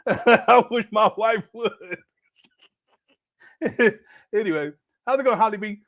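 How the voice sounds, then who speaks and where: Laughing, high-pitched middle-aged man. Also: animated, slow, long pauses, fairly bright tone. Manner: laughs a lot, talks to chat viewers. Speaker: livestream host reacting to a clip. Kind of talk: casual reaction commentary.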